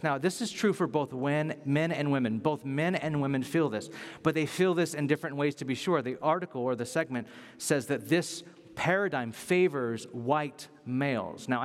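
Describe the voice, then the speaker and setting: A man's voice: fairly high pitch, big-room sound. A man giving a sermon as a preacher, talking in an emphatic, conversational way and driving points home by repeating them.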